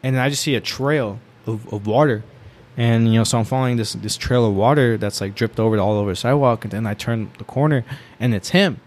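Young adult male, casual storyteller, rapid and rambling with filler words, laughs a lot. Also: medium pitch, darkish tone. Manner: laughs often while telling. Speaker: storyteller guest.

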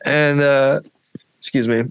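A man hosting a podcast, tells his story loosely and rambles, with lots of "like" and casual swearing. His voice sits in an ordinary middle pitch. It is recorded dry and close, with no room sound. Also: fairly even intonation, slow pace, clean tone, no room sound. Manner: rambling, laid-back, heavy with "like" and swearing. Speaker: podcast host.

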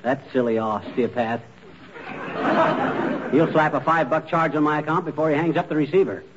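A man's voice: on the high side, moderate pace, a crowd in the background, lightly acted. A man playing a groaning, blustering husband. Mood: grumbling. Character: blustering middle-aged husband faking an injury. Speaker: sitcom lead. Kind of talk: 1940s radio acting. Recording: dull old radio broadcast with studio audience.

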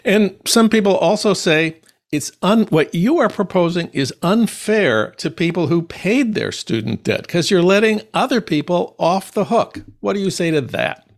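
Man, interviewer, high voice, animated intonation, posing objections. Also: normal speed. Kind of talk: interview questions.

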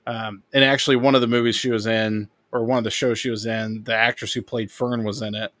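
A man's voice: medium pitch, little pitch movement, fairly quick, fairly bright tone, no room sound. A man co-hosting a podcast in casual chat, rambling and speculating as he talks. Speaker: podcast co-host.

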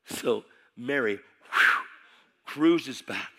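Passionate guy preaching, bright sharp voice, emphatic, repeats stuff. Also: medium pitch, animated, moderate pace. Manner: passionate and emphatic, repeats phrases, swings from hushed to shouting. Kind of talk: sermon.

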